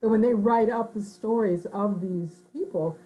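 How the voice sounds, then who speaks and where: A woman author answering interview questions in an animated, thoughtful way, with frequent fillers, who slips into voices when quoting people. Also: mid-range voice, normal speed, lo-fi sound.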